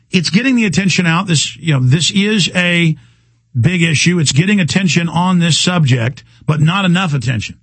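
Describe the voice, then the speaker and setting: Husky, ranting male radio host. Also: high-pitched, a bit bright, dry recording. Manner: ranting, agitated, stumbling repetitions. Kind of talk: talk radio monologue.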